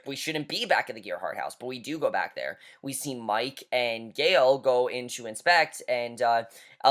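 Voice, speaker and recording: A man talking casually and enthusiastically as he reviews a TV episode, rambling with fillers and restarts. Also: mid-range voice.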